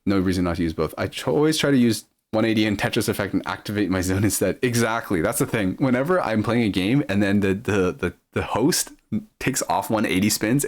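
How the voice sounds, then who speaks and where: A man with a low speaking voice who streams live, reading viewer messages aloud and answering them casually with many ums.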